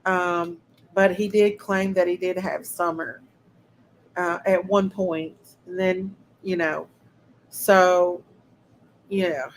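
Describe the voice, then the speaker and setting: A woman hosting a casual livestream, speaking slowly and deliberately in a somewhat low voice. She talks straight to her chat viewers and sounds indignant and outraged. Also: fairly even intonation, a little hiss or hum, rough recording. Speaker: livestream host.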